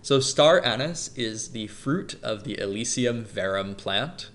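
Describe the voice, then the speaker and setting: Man, podcast host, casual chat, upbeat, jokey, middle pitch. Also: animated, unhurried, a bit bright. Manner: upbeat, jokey, explains facts loosely with fillers.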